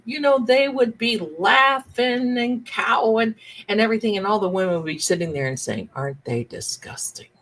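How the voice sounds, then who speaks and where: A middle-aged woman hosting a livestream, telling a family story in a chatty, animated way and acting out the relatives she quotes. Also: mid-range voice, low-quality recording. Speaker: livestream host, tarot reader.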